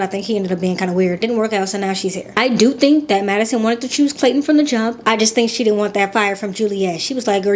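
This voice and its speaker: A young adult woman giving casual, chatty reaction commentary as a vlogger, talking in an animated and slangy way. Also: fairly high pitch, slight background noise. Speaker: vlogger reacting to a dating show.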